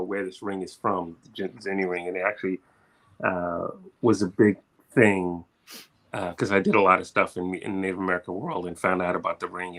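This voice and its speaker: A man on a video call reminiscing about an old friend in a reflective way, pausing often with ums and uhs. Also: low-pitched, vocal fry, a bit bright, poor audio. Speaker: musician friend sharing memories. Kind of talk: spoken memorial tribute.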